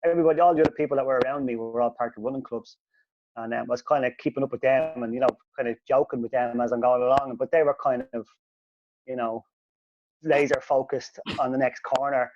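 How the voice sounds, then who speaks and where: A man telling a sweary, animated story as a podcast host, his voice jumping up when he quotes himself. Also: mid-range voice, fast, no echo. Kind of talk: casual storytelling. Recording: dull lo-fi podcast audio.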